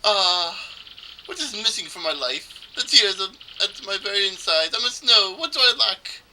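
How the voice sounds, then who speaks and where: A man's voice: high-pitched, big pitch swings, moderate pace, sharp tone, slight background noise, voice pushed up, exaggerated voice, poor audio. A man voicing a pompous, flamboyant rich merchant in a theatrical, grandiose way while reading game dialogue.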